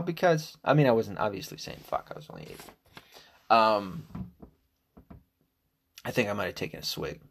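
Rambling, profane middle-aged man, low voice. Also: sing-song, normal speed, creaky, pauses often, breathy edge. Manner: rambling, profane, jumps to loud mocking quotes. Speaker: podcast host. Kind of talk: casual solo commentary.

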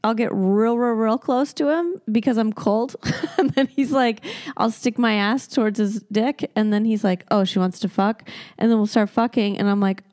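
A woman's voice: a little high, moderate pace, a little mellow. A woman hosting a podcast, chatting casually and bluntly, laughing often. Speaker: podcast host. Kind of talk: casual chat.

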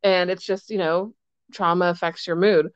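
A woman in her thirties, a mother and podcast co-host, talking casually and chattily with many fillers and quick asides. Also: lowish voice, fairly even intonation, clear, resonant tone, dry recording. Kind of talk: casual chat. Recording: dry, dull lo-fi sound.

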